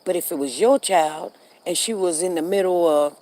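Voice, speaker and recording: A woman's voice: fairly low pitch, normal speed, mellow, low-quality recording. A middle-aged woman, chatting casually on a livestream and reacting to what happens outside. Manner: chatty, repeats herself, reacts to events outside. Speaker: livestream host.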